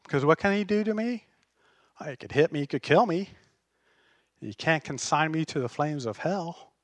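A man's voice: on the high side, animated, moderate pace, dry recording. A man preaching a sermon as pastor, passionate and emphatic.

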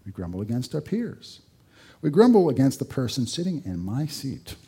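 A man's voice: medium pitch, big pitch swings, moderate pace, dark tone, husky. A male pastor preaching a sermon in a conversational way, with rhetorical questions and dry humor.

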